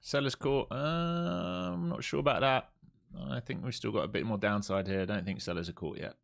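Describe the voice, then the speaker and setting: A man's voice: mid-range voice, moderate pace, gravelly. A man giving casual, blunt live trading commentary, thinking aloud, repeating key points and swearing freely. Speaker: live stream day trader.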